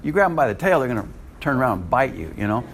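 A man preaching a sermon in an animated way, with frequent chuckling asides. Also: mid-range voice, rapid-fire, slight background noise.

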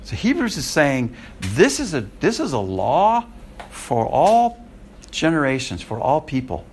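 A man's voice: fairly high pitch, huge pitch swings, measured pace, a little hiss or hum. American man teaching a Bible class. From United States. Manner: conversational, checks in with the class. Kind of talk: classroom lecture.

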